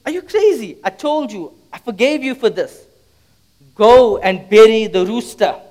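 A stern, forgiving older father issuing firm orders, as a high-voiced preacher acts him out in a sermon story. The voice stays close to the storyteller's own. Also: animated, moderate pace, smooth. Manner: firm commands.

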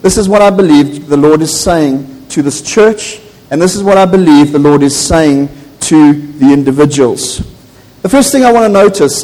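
A man in his forties with a South African accent, preaching a sermon, rising to animated declarations and stumbling over repeated words. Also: a little high. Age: 40s. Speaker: pastor. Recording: long church reverb.

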